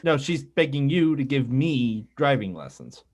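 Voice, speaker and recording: A man's voice: mid-range voice, big pitch swings, a little slow, a little mellow, slight background noise. A man hosting a casual podcast chat, self-deprecating and rambling, often restarting his sentences. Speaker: podcast host.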